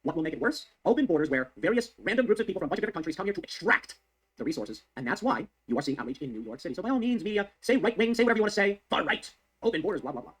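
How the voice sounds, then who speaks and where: Fast-talking, heated man. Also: sits high, very animated, a bit bright, slightly rough. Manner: heated, sarcastic, emphatic repetition. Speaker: political commentator. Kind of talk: fast ranting news commentary.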